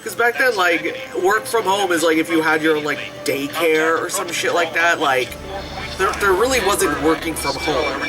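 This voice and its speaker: A movie reviewer with a medium-pitched voice talks at a normal speed, offering casual reactions. He laughs often, swears freely, and mimics the characters while the film's soundtrack music plays in the background.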